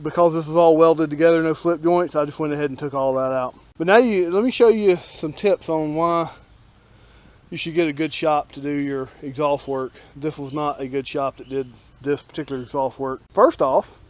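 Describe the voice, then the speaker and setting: A fairly high-pitched man talks through his own car repair out in the open. His tone is casual and blunt, with a wry, grumbling edge about other people's poor work. It sounds like a hands-on DIY vlog. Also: fairly even intonation, moderate pace. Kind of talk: casual how-to narration. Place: outdoors working on a Jeep.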